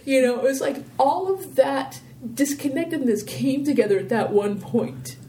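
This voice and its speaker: Mellow-voiced woman telling stories in an interview. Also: high-pitched, normal speed. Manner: rambling, animated storytelling with many "you know"s. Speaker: interview guest, filmmaker. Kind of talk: casual interview conversation.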